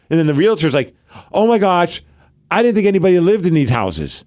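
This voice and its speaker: Speaking fairly quickly in a higher-than-average voice, a middle-aged man co-hosting a podcast recounts a story in relaxed chat. He's animated throughout and performs the quoted voices of the characters.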